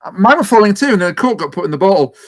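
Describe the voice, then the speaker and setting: A man with a notably high voice hosts a casual podcast chat. He rambles, trips over his own words and slips in dry jokes. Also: animated, very fast. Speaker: podcast host.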